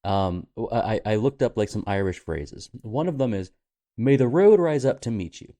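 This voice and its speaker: A man with a lowish, mellow voice talks through a film in a loose podcast chat. He rambles, restarts his sentences and tosses in "like" often. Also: lively intonation, moderate pace. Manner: rambling, full of fillers and restarts, reads out phrases. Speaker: podcast co-host. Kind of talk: casual movie discussion.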